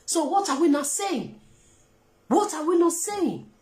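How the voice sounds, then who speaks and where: A Nigerian woman speaks with fervent, emphatic commentary, asking rhetorical questions. Her voice sits high and swings widely in pitch. The recording carries a noticeable room echo. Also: very animated, measured pace, a little mellow. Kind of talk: passionate commentary in Pidgin.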